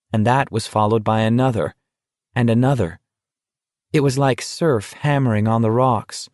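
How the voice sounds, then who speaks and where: A male audiobook narrator reading at an unhurried, deliberate pace. His voice sits at an ordinary middle pitch and is close and dry, with no room sound. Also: a little mellow, no echo. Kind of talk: scripted narration.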